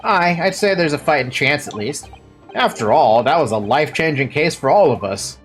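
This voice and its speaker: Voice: mid-range voice, expressive, normal speed, soft background music, lightly acted. A game streamer reading a shifty Scottish male official's lines in a put-on Scottish accent. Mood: somber. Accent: Scottish, as put on by the player. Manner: attempted Scottish accent with dialect words. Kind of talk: reading game dialogue aloud.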